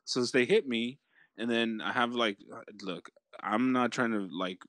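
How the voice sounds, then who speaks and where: A man's voice: mid-range voice, a little slow, fairly bright tone, dry recording. A man co-hosting a casual podcast, telling a profane story full of restarts, laughs and swearing. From Los Angeles. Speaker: podcast co-host. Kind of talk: casual chat.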